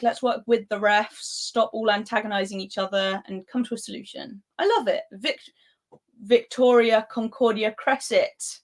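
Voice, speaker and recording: A young woman who grew up in Spain hosts a football live stream at home. She talks in a chatty, giggly way at an ordinary, middling pitch and reads viewers' comments aloud. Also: a bit bright. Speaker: football channel host. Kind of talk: casual live-stream chat.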